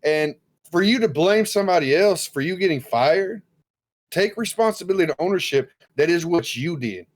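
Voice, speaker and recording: A man's voice: sits high, expressive, normal speed. A man co-hosting a casual podcast, talking bluntly, swearing freely and acting out quoted people. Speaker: podcast co-host.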